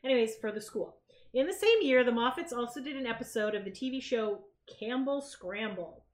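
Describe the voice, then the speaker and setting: A woman's voice: fairly high pitch, brisk. A Canadian woman co-hosting a podcast, chatting casually and telling a story with acted-out quotes. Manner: animated storyteller, acts out quotes. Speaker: podcast co-host. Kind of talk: casual chat. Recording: echoey room.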